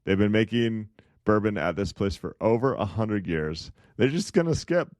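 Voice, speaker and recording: Podcast co-host, male, low voice, dry close sound, rambling contrarian chat. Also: expressive, normal speed, darkish tone, no echo. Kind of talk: casual investing chat.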